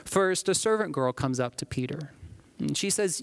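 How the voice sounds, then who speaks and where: A man's voice: on the high side, animated, normal speed, vocal fry, clear, resonant tone, dry recording. A man preaching a sermon as a pastor, telling the scripture scenes like a story and acting them out.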